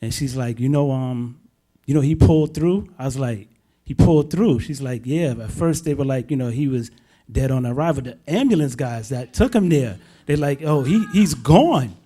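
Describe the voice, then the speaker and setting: A man's voice: mid-range voice, normal speed, mellow. A young man sharing a spoken testimony at church, in casual slangy storytelling that grows emphatic. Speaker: church member giving testimony.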